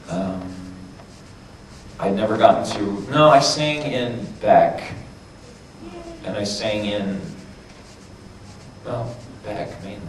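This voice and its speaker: A man with a worn, hoarse voice, chatting loosely and swearing freely as a voice actor answering questions on a convention panel. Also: lowish voice, slight background noise. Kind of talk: casual panel Q&A. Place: large convention hall. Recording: echoey hall from far off.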